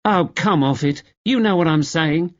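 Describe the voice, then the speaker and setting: Man doing a shrill, accusing wife. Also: a little slow, muffled recording, natural voice. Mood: gossiping.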